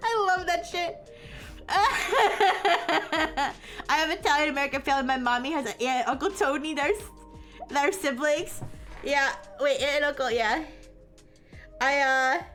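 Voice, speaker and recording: A woman's voice: high-pitched, sharp tone. A woman livestreamer chatting casually with her viewers, giggly and rambling with many restarts. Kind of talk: casual chat with stream chat.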